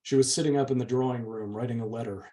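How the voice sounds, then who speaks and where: A man's voice: mid-range voice, fairly even intonation, quick pace, dark tone. A man, the channel's host, steadily reading a novel's chapter aloud. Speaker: book reader, channel host.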